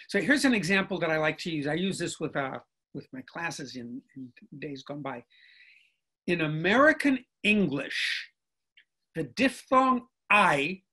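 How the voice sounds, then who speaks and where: Older professor lecturing over a video call. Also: male voice, high-pitched, a bit bright, slightly rough. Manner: professorial, explains step by step, checks in with "okay?". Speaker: linguistics professor, guest speaker. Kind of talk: lecturing in a virtual conversation.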